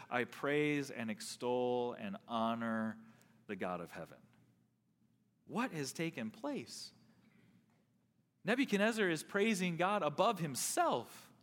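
A man preaching a sermon as pastor, earnest, leaning on slow emphatic stresses. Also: a little high, a bit bright. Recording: long hall reverb.

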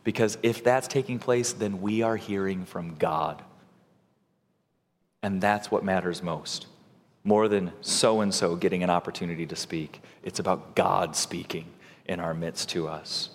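A man's voice: lowish voice, big-room sound. A male pastor preaching a sermon in a conversational way, acting out quotes and building to emphatic points.

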